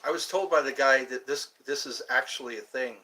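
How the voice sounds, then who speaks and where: A man hosting a solo livestream, talking slowly and rambling, drifting into low murmured chanting. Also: recorded from a distance, over music, low-quality recording. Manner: slow, drawn-out musing with low murmured chanting. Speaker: livestream host.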